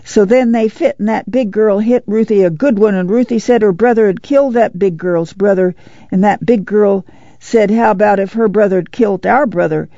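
A man's voice: sits high, measured pace, vocal fry, dark tone, dry recording, lo-fi sound. A man reading aloud voices an eager young country boy who tumbles through his story. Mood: breathless.

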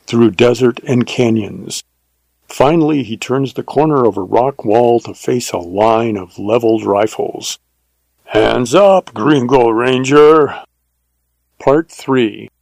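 Man, audiobook narrator, measured, steady, gravelly, mid pitch, dry. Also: no room sound, poor audio.

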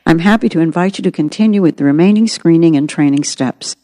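A woman voicing a researcher's formal letter in an audiobook, measured and slow. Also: low-pitched, mellow, big-room sound, lightly acted.

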